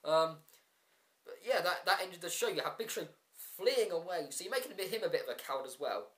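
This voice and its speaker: A man with a fairly high voice runs through a show in a casual review vlog. He gets frustrated and rants, stumbles over ums and restarts, and throws in sarcastic asides. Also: expressive, a little fast, a bit bright.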